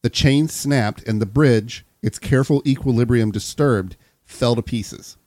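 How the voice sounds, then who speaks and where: A man's voice: mid-range voice, unhurried, dry recording. Man reading a story, dry close mic. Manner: steady storyteller, laughs often. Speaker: podcast host reading the story. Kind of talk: reading a script between casual banter.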